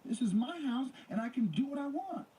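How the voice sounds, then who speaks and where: A man voicing a furious young woman who shouts and swears. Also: on the high side, huge pitch swings, brisk, husky, voice pushed up, full character voice.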